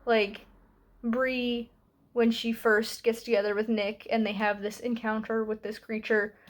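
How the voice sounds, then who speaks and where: Chatty young woman vlogger, a touch high. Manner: chatty and candid, with filler words and asides. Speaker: book vlogger. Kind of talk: casual book review vlog.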